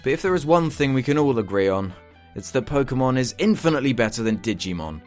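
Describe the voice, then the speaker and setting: A man's voice: medium pitch, very animated, fast talker, a little mellow, faint music behind. Sweary, exasperated male ranter. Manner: sarcastic, exasperated, mocking quoted voices. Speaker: comedy ranter, channel host. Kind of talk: sweary comedic rant.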